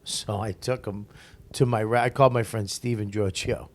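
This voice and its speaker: Man, comic guest, casual interview, swearing, animated storytelling. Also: lowish voice, moderate pace. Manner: profane, animated storyteller who acts out quotes.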